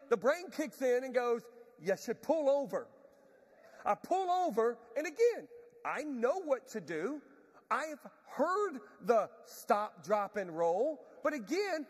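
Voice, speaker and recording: A pastor telling a self-mocking story in a sermon, animated and laughing often. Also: male voice, extremely high pitch. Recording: long reverb of a large hall.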